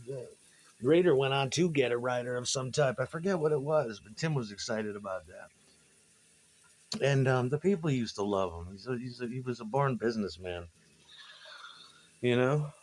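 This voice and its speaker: Over slight background noise, a man with a mid-range voice speaks at normal speed, recounting old gigs as a musician. His storytelling is casual, rambling and profane, livening up whenever he quotes people.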